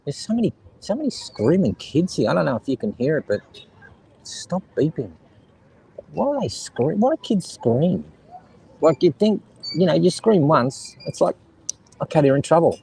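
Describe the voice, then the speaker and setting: A middle-aged Australian man rambles and cracks jokes with his live stream chat at the seaside, with kids and seagulls nearby. His voice is fairly high and sing-song at a normal speed, with vocal fry and a darkish tone. The recording is rough, with a little hiss or hum.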